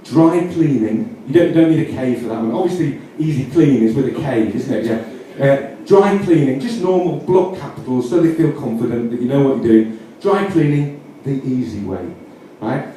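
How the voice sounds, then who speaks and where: Deadpan Yorkshire man in an echoey room. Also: medium pitch, moderate pace, few pauses. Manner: mock-earnest, rambling with self-corrections. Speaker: comedian. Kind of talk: deadpan comic instructions. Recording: roomy echo, distant mic, faint noise.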